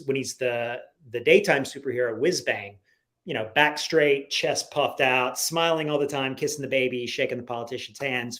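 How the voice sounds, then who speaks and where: A man as a guest in a casual interview, talking in an animated, rambling way full of "like"s, on a video call from home. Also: mid-range voice. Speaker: guest comic writer.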